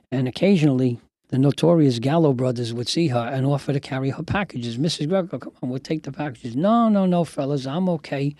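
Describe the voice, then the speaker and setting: A man's voice: mid-range voice, dry recording. Older man telling family stories. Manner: animated storyteller who acts out family anecdotes. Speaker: podcast host. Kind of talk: storytelling.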